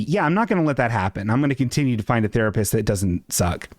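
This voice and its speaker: Streamer host, male, self-mocking ranter, lively pitch, dry close mic. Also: fast talker, no room sound. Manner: animated, self-mocking, jumps into high squeaky voices for quotes. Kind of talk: casual live-stream rant. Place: apartment.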